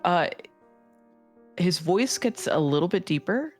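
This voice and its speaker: A man from the United States chatting casually on a stream, halting with many fillers. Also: sits high, expressive, faint music behind. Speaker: stream guest. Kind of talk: casual chat on a voice call.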